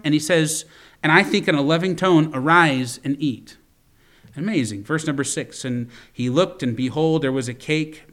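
A man preaching a sermon, reading scripture slowly and commenting with quick asides and frequent restarts. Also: on the high side, a bit bright.

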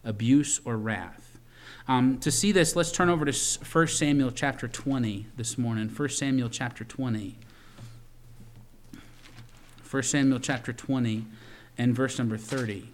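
A pastor preaching a sermon in an ordinary, mid-pitched male voice. He talks earnestly and repeats words as he builds toward a point. He swells louder whenever he wants to drive it home. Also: measured pace, long pauses, a little hiss or hum.

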